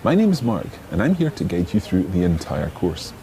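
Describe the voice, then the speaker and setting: A man teaching a beginner language lesson on a podcast, patient and clear as he models words for learners to repeat. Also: low voice, sing-song, normal speed, warm tone.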